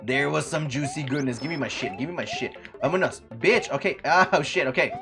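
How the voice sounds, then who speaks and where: A young man streaming a retro game, chatting casually, swearing a lot and breaking into loud outbursts, saying he is sleepy. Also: on the high side, lively intonation, fairly quick, music in the background. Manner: profane, rowdy, loud outbursts and laughing.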